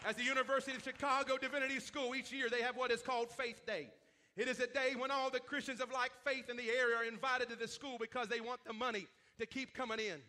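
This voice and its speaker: A male preacher in full sermon, fervent and building toward shouts. His voice is very high and strikingly bright. He leans on frequent "uh" fillers between phrases. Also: little pitch movement, quick pace. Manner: fervent, many 'uh' fillers, rising to shouts.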